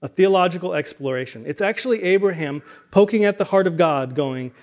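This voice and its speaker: A man with a fairly high voice preaches in a loose, conversational way. He restarts phrases and repeats words as he works through his point. He also acts out the people in the story he tells. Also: lively intonation, fairly quick, hardly any pauses. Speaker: pastor. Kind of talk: sermon.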